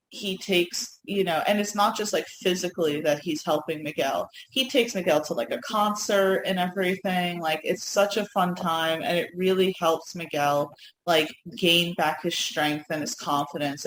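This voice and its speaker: With a fairly low pitch and a steady tone at normal speed, a female co-host talks TV with enthusiasm and plenty of fillers in a casual podcast chat. The recording has a little hiss or hum, an echoey room, and faint ambience.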